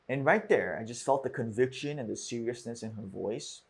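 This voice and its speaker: A man hosting a podcast, telling a personal story in a halting, reflective way with frequent restarts. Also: mid-range voice, vocal fry, breathy edge. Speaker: podcast host.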